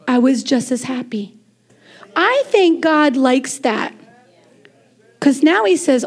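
Woman preacher, 40s, high voice, animated sermon delivery with chatty asides. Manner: animated, conversational preaching with quick asides and laughs. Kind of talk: lively sermon.

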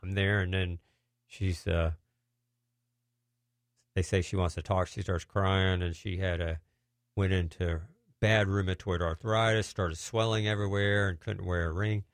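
Gravelly-voiced man telling stories. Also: low voice, measured pace, dry recording. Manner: animated, acts out quoted voices. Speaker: minister telling deliverance stories. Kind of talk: casual storytelling testimony.

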